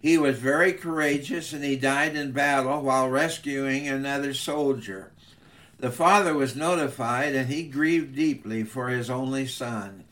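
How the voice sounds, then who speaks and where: A male preacher telling an illustration in a sermon, with measured, earnest narration. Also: mid-range voice, fairly bright tone. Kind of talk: sermon storytelling.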